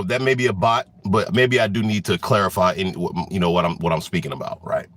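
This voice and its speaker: A man's voice: low voice, brisk, few pauses, fairly bright tone. A man giving an angry political rant, swearing often and restarting his sentences with many fillers. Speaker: political commentator.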